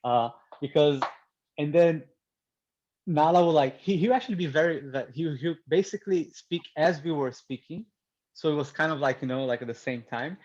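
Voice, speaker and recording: A man hosting a casual video call chat, laughing often and throwing in quick asides. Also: a little high, a little mellow, muffled recording. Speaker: host.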